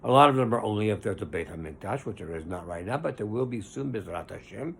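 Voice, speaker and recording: Over slight background noise, a man with a lowish, expressive, creaky voice and a fairly bright tone teaches Torah as a rabbi. The lesson is informal and earnest, conversational in tone, with stressed words stretched out.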